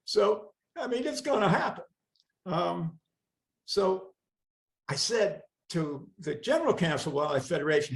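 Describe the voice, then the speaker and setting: A man's voice: high-pitched, unhurried, gravelly, rough recording. An older man giving a wry, anecdotal storytelling talk as a guest speaker on a video call. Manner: wry, anecdotal, with lively asides. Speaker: guest speaker, environmental lawyer.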